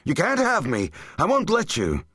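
A man voicing a paranoid, panicking man who shouts frantically. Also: high-pitched, huge pitch swings, normal speed, slightly rough, dry recording, clean studio sound, voice pushed up, full character voice. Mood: frantic.

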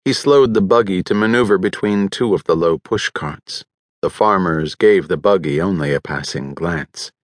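A man narrating an audiobook in an even, measured storytelling manner on a close studio mic. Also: low-pitched, no echo. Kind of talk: scripted narration.

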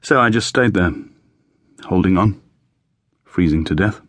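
A man's voice: low voice, a little slow, no room sound. A man voicing a shaken RAF bomber pilot. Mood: grim recollection. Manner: clipped British airman's slang.

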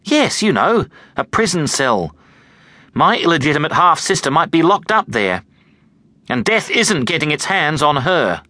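A man reading an audiobook, voicing a frantic, pushy young girl who talks in an urgent, squeaky, insistent way. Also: big pitch swings, a little slow, pushed and bright, dry recording, full character voice. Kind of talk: audiobook character voice. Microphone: close studio mic.

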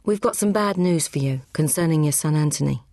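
A woman's voice: sits low, fairly quick, dark tone, no echo, clean studio sound. A woman voicing a formal middle-aged policeman, grave and official.

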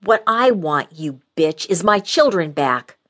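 A woman's voice: sits low, a little slow, fairly bright tone. A woman voicing a foul-mouthed, menacing young woman who snarls her threats. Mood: snarling.

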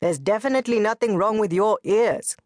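A woman's voice: medium pitch, a little fast, a little mellow, no echo, studio quality, lightly acted. A woman doing a fussy retired husband. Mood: grumbling. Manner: indignant, grumbling retorts. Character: retired older husband, fussy and quick-tempered.

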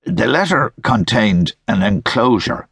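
A man voicing a frail, elderly hunchbacked gentleman who answers in dry, clipped, formal phrases, in an audiobook. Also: on the low side, sing-song, measured pace, husky, no echo, pitched above the performer's own voice, full character voice. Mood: dry, curt. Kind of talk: audiobook character voice.

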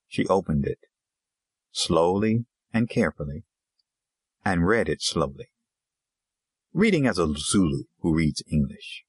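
A man narrating an audiobook in a measured storytelling manner. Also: low voice, animated, husky, dry recording. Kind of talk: scripted narration.

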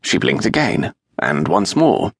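A man reading a historical romance audiobook aloud in an expressive, measured storytelling manner, with a gravelly, husky voice on a close studio mic. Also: fairly low pitch, dry recording. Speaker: audiobook narrator. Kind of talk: scripted narration of a historical romance.

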